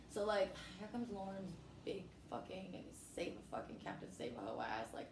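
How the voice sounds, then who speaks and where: Woman comic, profane storyteller, mid-pitched, recorded in an echoey room. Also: brisk, hardly any pauses. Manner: brash, profane, animated storytelling with acted quotes. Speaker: comedian guest. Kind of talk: casual storytelling chat. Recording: echoey room with faint noise.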